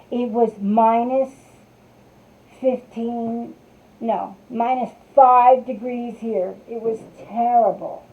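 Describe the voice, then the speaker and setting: A woman with a voice on the high side chats in a rambling way while she works on a live craft stream, greeting viewers by name from their comments. She speaks slowly with a steady tone, and the sound is tinny, like a phone.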